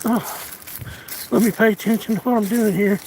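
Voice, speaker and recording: A man out of breath, chatting casually on a live stream while walking his rural land, pausing and restarting often. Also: high voice, steady tone, poor audio. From United States. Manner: halting, drawling, many restarts and fillers. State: out of breath, winded. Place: outdoors on rural land in strong wind. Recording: outdoor phone audio with loud wind.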